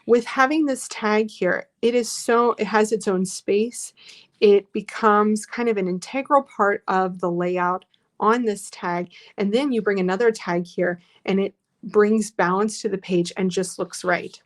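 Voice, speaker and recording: A woman's voice: mid-range voice, measured pace. A woman teaching a live online scrapbooking class in a chatty, encouraging way, reading out viewer comments as she works.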